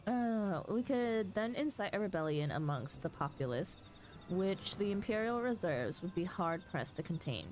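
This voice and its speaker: A woman voicing an earnest young male strategist who lays out plans in a measured, urgent way. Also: medium pitch, animated, darkish tone, soft background music, pitched above the performer's own voice, lightly acted. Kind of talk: reading game dialogue aloud.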